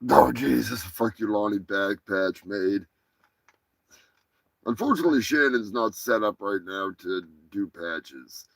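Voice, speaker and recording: A man hosting a live comedy stream, rambling and excitable and swearing freely. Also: fairly low pitch, a little slow, creaky, dry recording. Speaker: host. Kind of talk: casual live-stream chat.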